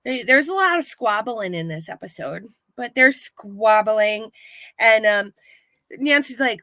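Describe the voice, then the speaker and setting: A woman co-hosting a casual live-stream, retelling an episode in animated fashion and acting out quotes. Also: fairly high pitch, a little slow, no room sound. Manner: animated storyteller, acts out quotes. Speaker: podcast co-host recapping a TV episode. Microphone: live-stream setup.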